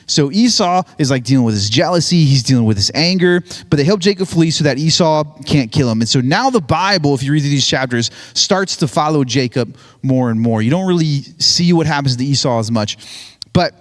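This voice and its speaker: A man's voice: on the high side, animated, a little fast. A man giving a casual, joking sermon, retelling a Bible story with lots of "like" and "right?". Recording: hall reverb on voice.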